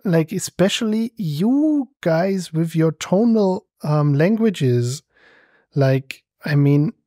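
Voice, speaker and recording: A German man co-hosting a podcast in casual chat, calm and easygoing as he reads listener comments. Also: a little high, takes it slowly, no room sound, studio quality. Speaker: podcast co-host.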